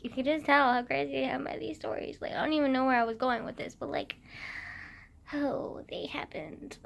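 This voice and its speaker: A woman's voice: sits high, creaky, a bit bright. A woman vlogging, telling stories in a rambling, giggly way, full of "like" and fillers. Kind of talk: casual storytelling to camera.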